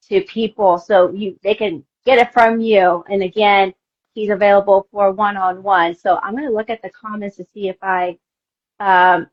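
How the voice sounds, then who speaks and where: A woman hosts a live online interview and reads out questions from viewers. Her voice sits at a middle pitch and comes through dull, lo-fi video-call audio. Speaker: host.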